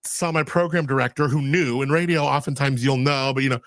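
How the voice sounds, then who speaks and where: A man hosting a casual podcast interview, chatty and animated as he tells stories with quoted dialogue. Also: mid-range voice, a little fast, dry recording, studio quality. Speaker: podcast host.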